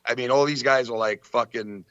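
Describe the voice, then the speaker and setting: Excitable, profane bright-voiced man. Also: mid-range voice, normal speed, no room sound, lo-fi sound. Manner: profane, excitable storyteller, heavy fillers. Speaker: podcast co-host. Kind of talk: casual chat.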